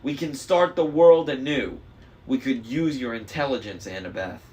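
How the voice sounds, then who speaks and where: A man voicing a smug young male traitor demigod, smooth, mocking and persuasive. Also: mid-range voice, moderate pace, darkish tone, natural voice. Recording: faint noise, slightly distant mic.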